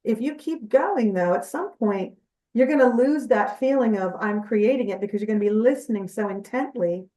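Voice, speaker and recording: A woman's voice: on the high side, normal speed, warm tone, recorded from a distance. A woman guest in an interview, telling her experiences and explaining in an earnest, chatty way. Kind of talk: conversational interview storytelling. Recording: echoey room, off-mic.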